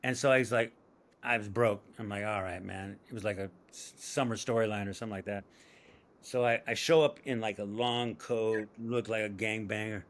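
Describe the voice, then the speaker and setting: A man's voice: lowish voice, normal speed. A middle-aged man from San Diego, a screenwriter and comedian, telling stories in an interview with laughs and acted-out voices. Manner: animated storyteller acting out voices, laughs often. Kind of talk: storytelling interview.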